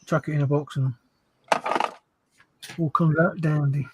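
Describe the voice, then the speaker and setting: A man's voice: fairly high pitch, fairly even intonation, a little slow, very noisy. A man chatting as a guest on a livestream, hesitant and full of ums. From England. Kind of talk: casual chat.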